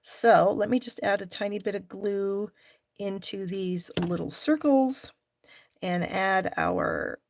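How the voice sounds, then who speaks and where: A woman's voice: medium pitch, slow, creaky, slight background noise. A middle-aged woman hosting a live stamping class, chatting with viewers by name and openly frustrated at her own mistakes. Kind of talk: live crafting demonstration.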